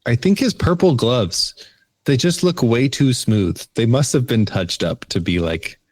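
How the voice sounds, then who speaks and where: A man co-hosting a film review podcast, mostly giving short, relaxed agreeing replies. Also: medium pitch, a little slow. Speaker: podcast co-host. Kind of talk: casual film review chat.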